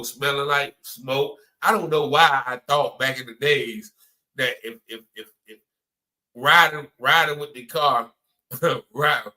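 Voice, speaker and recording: A man gives a heartfelt spoken testimony. His voice is bright and forward, with a middle pitch. He talks loosely and conversationally, circling back on phrases and filling pauses with "you know" and "man.". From North Carolina. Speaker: person giving a testimony.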